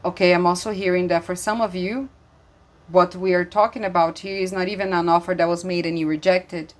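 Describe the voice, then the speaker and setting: A woman with a lowish, steady-toned voice speaks briskly while giving an intuitive tarot reading. She comes across as earnest and emphatic, uses lots of fillers and restarts, and is audibly emotional and moved.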